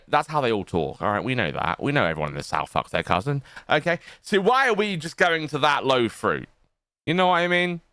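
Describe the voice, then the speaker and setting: A man's voice: medium pitch, big pitch swings, a little fast, sharp tone, clean tone, dry recording. A tipsy man streaming, sarcastic and swearing as he rambles. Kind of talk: rambling livestream commentary.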